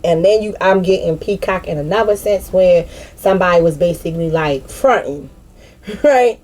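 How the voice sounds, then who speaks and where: A woman gives a casual spiritual card reading, loose, profane and full of slang. Her voice sits a little low and sounds warm and mellow. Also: normal speed. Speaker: tarot reader.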